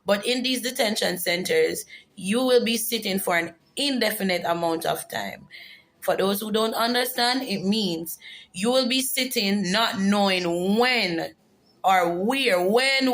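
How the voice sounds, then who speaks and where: A woman's voice: medium pitch, measured pace, fairly bright tone, rough recording. A woman giving an earnest, emotional personal testimony in a vlog. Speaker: vlogger.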